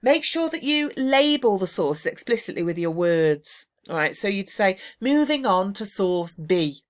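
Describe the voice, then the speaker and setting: A woman teacher talking students through exam tips over slides in a brisk, emphatic, encouraging way. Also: on the low side.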